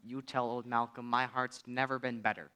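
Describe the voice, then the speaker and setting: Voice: mid-range voice, level tone, bright, forceful tone, smooth, close to an everyday voice. An actor playing a shy, stammering old farmer. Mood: reassuring. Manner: stammering, halting. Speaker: stage actor in a youth musical. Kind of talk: live stage musical acting.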